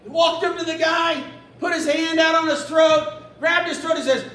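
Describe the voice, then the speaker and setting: A man preaching a sermon as pastor, animated, acting out a scripture story in quick little voices. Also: very high voice. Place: church. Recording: echoey church room from a distance.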